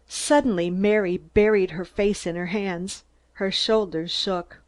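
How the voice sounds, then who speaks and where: A woman from Minnesota narrates an audiobook with a calm, even delivery. Her voice sits in a middle pitch, and she moves through the prose at a steady storyteller's pace. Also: unhurried. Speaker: audiobook reader.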